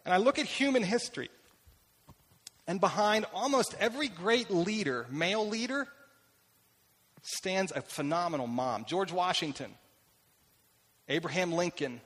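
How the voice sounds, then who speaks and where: Conversational pastor in a reverberant hall. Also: male voice, high voice, expressive, unhurried, pauses often, a bit bright. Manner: conversational, self-deprecating storytelling. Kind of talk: sermon.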